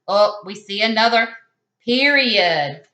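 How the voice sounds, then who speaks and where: Slow sing-song woman teaching small children. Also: medium pitch, lively intonation, sharp tone, roomy sound. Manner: slow, sing-song, encouraging teacher talk with praise and questions. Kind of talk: reading aloud and teaching young children.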